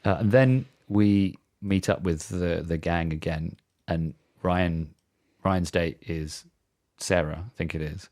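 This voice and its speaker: A man's voice: low-pitched, slow pace, hardly any pauses, darkish tone. A man co-hosting a podcast in casual chat, retelling film scenes in a reflective, hesitant way. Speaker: podcast co-host.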